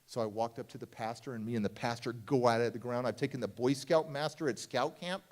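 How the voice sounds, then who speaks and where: A motivational speaker telling a personal story at a conference, acting out the people in it and swinging between hushed and loud. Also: male voice, medium pitch, fast talker. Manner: acts out voices of people in his story, swings from hushed to shouting. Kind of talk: dramatic storytelling keynote. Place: large conference hall.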